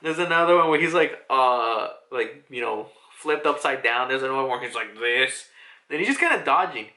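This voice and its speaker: A man casually reviewing a manga chapter, rambling, excitable and profane. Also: mid-range voice, moderate pace.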